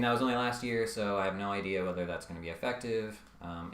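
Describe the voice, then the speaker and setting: Low-voiced man, hesitant commentary, echoey room. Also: fairly bright tone. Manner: hesitant, many ums and uhs, wry asides. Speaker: video essayist. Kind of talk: casual scripted commentary.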